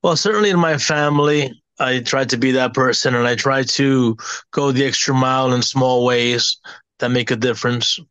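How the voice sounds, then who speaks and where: A man's voice: medium pitch, normal speed, fairly bright tone, smooth, dry recording. A man receiving a psychic reading, answering briefly and agreeably.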